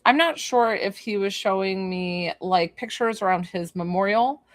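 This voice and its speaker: A woman gives a one-on-one spirit reading as a psychic medium. She talks in a loose, chatty way and thinks aloud, filling her pauses with lots of ums and likes. Her voice sits at a middle pitch and is recorded dry, with no room sound. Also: no room sound. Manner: chatty and informal, thinking aloud with many fillers; bursts into laughter.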